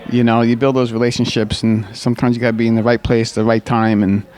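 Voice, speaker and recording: A man's voice: mid-range voice, flat delivery, fast talker. A man who works as a physical therapist, talking in a casual interview and telling stories about patients with many restarts and fillers. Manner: rambling, warm storytelling with frequent restarts and fillers. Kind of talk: conversational interview.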